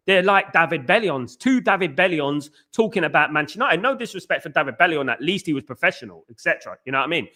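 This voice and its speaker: Bright-toned chatty football fan. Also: male voice, on the high side. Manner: rambling, restarts often, frequent "mate" and "you know what I mean". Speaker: podcast host reading live chat. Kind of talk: casual fan chat.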